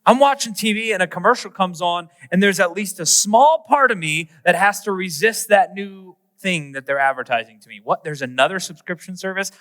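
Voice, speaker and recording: A male pastor preaching a humorous, animated sermon, acting out little everyday scenes. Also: sits high, moderate pace, hardly any pauses, long reverb tail.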